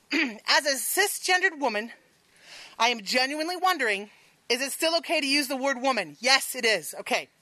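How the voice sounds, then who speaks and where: A woman's voice: sits high, expressive, moderate pace, bright, forceful tone, no echo, rough recording. A woman telling a frank, profane story on stage, laughing often, then hosting the next part of the show.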